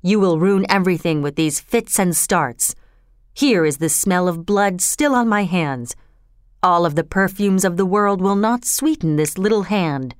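A woman's voice: lowish voice, measured pace, no echo, studio quality, lightly acted. A woman voicing a guilt-haunted sleepwalking queen who murmurs and commands in a distracted, dreaming way. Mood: commanding.

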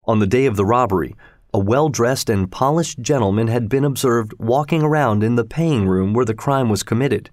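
Male storybook narrator, mid pitch, steady, dry close sound. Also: normal speed, no room sound.

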